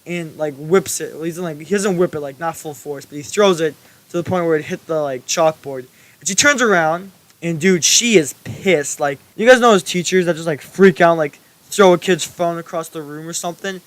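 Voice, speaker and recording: A man's voice: on the high side, normal speed. A young man telling a school story in a casual, rambling way, full of fillers and swearing. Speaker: storytelling YouTuber.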